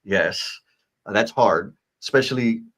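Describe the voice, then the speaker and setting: Speaking at a measured pace in a fairly low voice, a live-show co-host chats casually on a stream. He reads viewer comments aloud in an animated, playful way, poking fun at himself.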